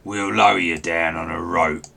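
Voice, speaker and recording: A bossy, sneering goblin guard with a low voice, lording it over his captive in a tabletop game, as the man running it puts him on. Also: steady tone, normal speed, gravelly, sharp tone, heavily acted. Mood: mocking. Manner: taunting, bullying.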